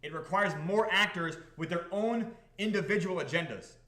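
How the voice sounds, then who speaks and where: A man hosting a livestream about his crypto project, talking to the chat in an excitable, profane, repetitive way. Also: sits high, normal speed, reverberant. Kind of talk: livestream talk to a chat audience.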